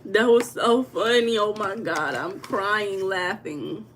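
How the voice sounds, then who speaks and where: A woman from the United States chatting casually with viewers on a tarot livestream from home, reading their comments aloud in relaxed slang. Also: medium pitch, takes it slowly, a little hiss or hum. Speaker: tarot reader streaming live. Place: home room.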